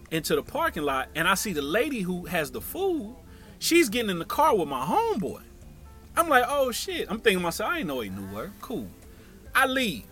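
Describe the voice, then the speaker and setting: A man spins a comic story in a high, bright voice that swoops all over the place. He jumps in and out of quick voices for the people he meets. Light music sits faintly underneath. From Tampa, Florida area. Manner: animated, acts out voices of others.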